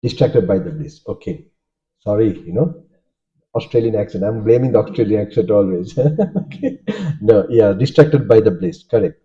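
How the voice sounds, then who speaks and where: With a voice on the low side and a normal speaking speed, a Sri Lankan monk, native in Sinhala, leads a Dharma talk. Often asking "okay?", he checks in with listeners and poses questions to them. The recording has a dull, lo-fi sound.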